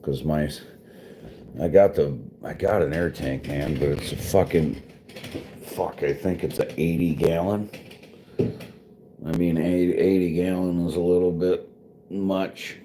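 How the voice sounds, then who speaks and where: There's a little hiss or hum as a married father of kids, a vlogger and livestreamer, chats casually with his viewers, rambling, cursing and laughing often. He speaks in a low, warm, steady voice, taking his time with long pauses.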